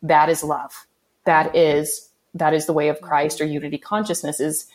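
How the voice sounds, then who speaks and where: Low-pitched woman guest, earnest spiritual teacher, checks in with listeners as she explains. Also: level tone, moderate pace. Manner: earnest teaching tone, often checks in with "okay" and "right?". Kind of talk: conversational podcast interview.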